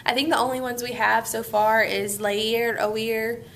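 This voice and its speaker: A woman teacher leads a grammar lesson step by step, upbeat and encouraging. Her voice sits a little high, with a gravelly fry at the ends of her phrases. A faint background noise runs under the recording. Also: little pitch movement, a little slow, fairly bright tone. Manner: upbeat, walks students through steps. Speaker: Spanish teacher.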